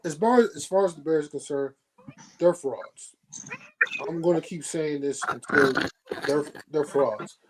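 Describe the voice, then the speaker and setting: A man co-hosting a football podcast, talking through stats and calling teams frauds. His voice runs slightly high, and he repeats himself with a dismissive edge. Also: a little slow, heavy background noise. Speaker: podcast co-host. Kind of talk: casual sports podcast chat.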